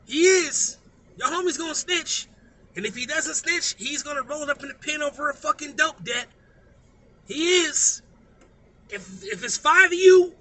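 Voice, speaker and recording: A man's voice: very high voice, pushed and bright, a little hiss or hum. A man giving a profane, emphatic and preachy unscripted rant as a vlogger.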